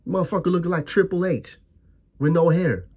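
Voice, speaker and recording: A man's voice: sits high, a little fast, darkish tone, husky. A young man ranting as a football fan, heated and profane, stammering over his restarts.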